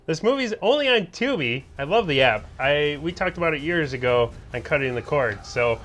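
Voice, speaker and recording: A man co-hosting a casual podcast, excitable and quick to laugh, chatting about shows and music. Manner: excitable, laughs often, jumps between high and low pitch. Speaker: podcast co-host. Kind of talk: casual chat.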